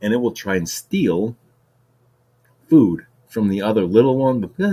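A man's voice: fairly low pitch, sing-song, measured pace, long pauses, dark tone. Rambling, casual man saying "like" a lot. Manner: rambling, heavy use of "like" and "dude"; restarts and repeats words. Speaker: podcast host. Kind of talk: casual solo monologue.

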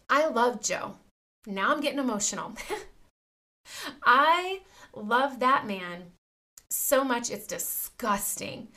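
A woman's voice: a little high, fairly bright tone. A woman in her forties, a parenting vlogger, talking straight to her viewers in an emphatic, preachy way and calling them "you guys". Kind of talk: impassioned direct-to-camera talk.

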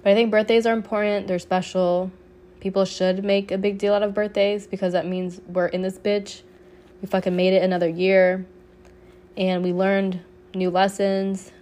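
A woman's voice: mid-range voice, little pitch movement, moderate pace, darkish tone. A woman in her late twenties hosting a solo podcast, sick with a cough, talking casually and heartfelt, peppered with swearing and "like". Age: 20s. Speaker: podcast host.

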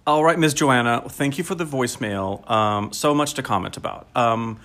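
A man in his forties co-hosts a casual podcast. He is lively and laughs often, and his chat is full of ums and uhs. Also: mid-range voice, normal speed. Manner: lively and laughing, with many fillers. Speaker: podcast co-host.

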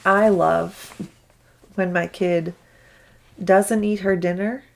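A woman's voice: medium pitch, steady tone, slow pace, vocal fry, a little hiss or hum. A young woman co-hosting a podcast, chatting candidly about her child and laughing often. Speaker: podcast co-host. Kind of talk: casual chat about parenting.

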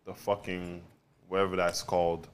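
A young man, co-hosting a podcast and telling stories in a relaxed, easygoing way. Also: low voice, noisy background. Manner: relaxed, drawn-out storytelling, laughs often. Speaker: podcast co-host. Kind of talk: casual chat.

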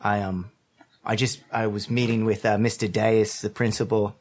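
Man voicing a balding bearded teacher, hesitant, halting, tabletop role-play. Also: lowish voice, flat delivery, slight background noise, pitched below the performer's own voice, lightly acted. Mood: sheepish. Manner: hesitant, full of ums and uhs. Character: balding, bearded male high school teacher and bassist, sheepish.

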